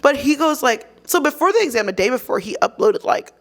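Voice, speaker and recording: A woman, a guest, telling a story in casual chat, animated and quoting people in lively voices. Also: high voice, brisk. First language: English.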